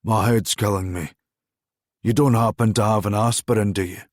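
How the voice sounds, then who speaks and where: A man's voice: fairly low pitch, fairly even intonation, normal speed, no echo, studio quality, natural voice. A man voicing a drugged, defiant British agent in an audiobook, murmuring weakly and stammering, half delirious. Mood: wry.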